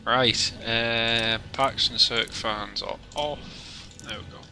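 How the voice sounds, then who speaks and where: A man's voice: medium pitch, fairly even intonation, slow pace, bright, forceful tone, a little hiss or hum. A young man chatting and joking with viewers while flying a simulator on a live stream. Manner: jokey, chatty, talks to viewers while working. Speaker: flight sim streamer. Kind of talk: casual live-stream chat.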